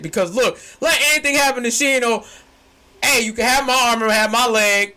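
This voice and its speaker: A young man, co-hosting a casual chat that swings from low musing to shouting, laughing excitement. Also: fast. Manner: excitable, shouts and laughs when hyped, slangy. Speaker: podcast co-host.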